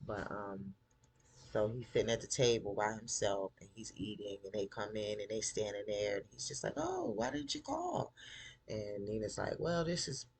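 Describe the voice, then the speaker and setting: A man casually recapping a TV episode, chatty and animated, acting out the characters' lines in a style. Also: on the low side, normal speed, slightly rough. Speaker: TV show recap host.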